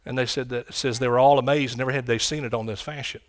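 A man preaching a sermon, swinging from quiet, low lines to loud, shouted ones. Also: steady tone, fast. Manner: impassioned, rising to shouts and dropping low.

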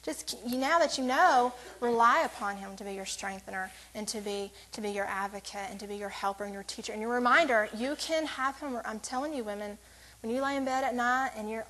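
A woman's voice: on the high side, fairly quick, fairly bright tone, rough recording. Chatty woman giving devotional. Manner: rambling, self-interrupting, joking asides. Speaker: women's ministry speaker. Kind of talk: casual church devotional talk.

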